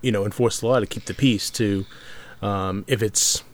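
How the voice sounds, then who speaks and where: A man talking casually about tabletop games as a podcast co-host, halting often with fillers and restarts. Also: lowish voice, fairly even intonation. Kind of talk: casual discussion.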